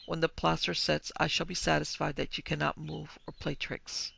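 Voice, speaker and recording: A man playing a skeptical German businessman who speaks in a stiff, formal way, with a gravelly, fairly high voice. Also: monotone, normal speed, pushed and bright, heavily acted. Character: skeptical middle-aged male German businessman.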